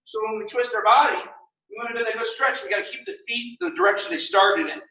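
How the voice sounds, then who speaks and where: A young man teaching a martial arts class online, firmly giving orders and counting warm-up drills aloud. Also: very high-pitched, expressive, quick pace. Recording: echoey room, mic far off.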